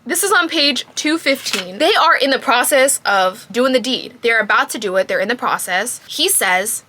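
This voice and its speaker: A woman giving a casual book review to camera, emphatic and quick to laugh. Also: fairly high pitch, lively intonation, sharp tone.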